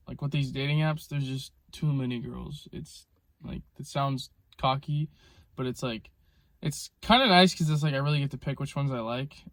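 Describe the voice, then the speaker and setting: A man's voice: medium pitch, dry recording. A young man talking casually into his phone camera in a car, rambling with lots of "like" and "um". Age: young adult. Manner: rambling, filler-heavy, frequent "like" and "um". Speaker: vlogger. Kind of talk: casual rambling vlog storytelling.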